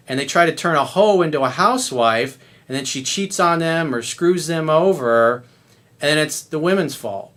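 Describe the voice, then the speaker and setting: A man's voice: on the high side, fairly bright tone. Blunt, profane male dating coach. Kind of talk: ranting monologue to camera.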